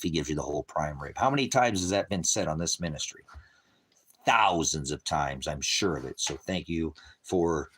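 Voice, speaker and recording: A middle-aged man preaching on his own ministry stream, angry and cursing, swinging from shouted rants to quiet murmurs. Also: sits low, slightly rough. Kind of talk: impassioned livestream preaching.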